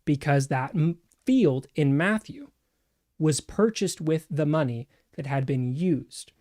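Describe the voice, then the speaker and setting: Fairly high-voiced man, measured. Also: animated, darkish tone. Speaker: co-host. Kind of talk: casual discussion and scripture reading.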